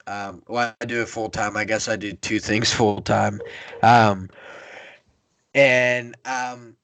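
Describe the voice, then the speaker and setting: A man's voice: lowish voice, steady tone, slow pace, fairly bright tone. A young man from the Pittsburgh area hosting a casual podcast, telling a rambling, profane road-trip story. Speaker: podcast host.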